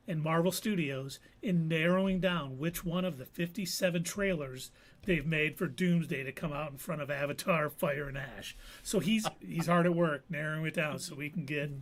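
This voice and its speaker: A man co-hosting a casual live show, recapping an episode with playful puns. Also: on the high side. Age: adult veteran. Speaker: co-host. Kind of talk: casual podcast chat.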